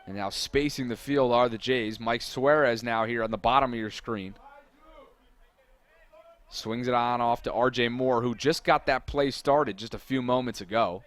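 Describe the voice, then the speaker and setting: A man doing live play-by-play commentary for a college soccer broadcast, steady between plays and rising to shouted calls on big moments. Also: medium pitch, normal speed.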